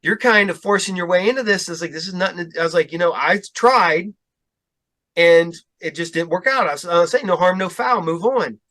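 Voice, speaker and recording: High-voiced man telling a rambling story. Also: a little fast, bright, forceful tone. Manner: rambling storyteller, quotes himself often. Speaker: podcast host. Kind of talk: casual chat.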